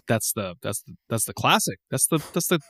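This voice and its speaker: A man's voice: mid-range voice, sing-song, normal speed, a bit bright, no room sound, studio quality. A man co-hosting a podcast in casual chat, rambling with restarts, laughing and swearing as he tells old memories. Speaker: podcast co-host.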